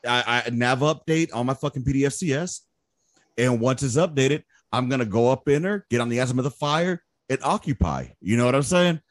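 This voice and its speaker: A man in his thirties, an army veteran, telling war stories in casual chat, profane, animated and boastful. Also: medium pitch, a little fast, no echo, clean studio sound.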